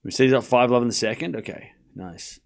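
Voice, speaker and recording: A man's voice: medium pitch, brisk, creaky. A young man streaming a live tennis watchalong, calling points casually and teasing his chat. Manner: relaxed, teasing with chat, breaks into laughter. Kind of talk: casual live play-by-play commentary.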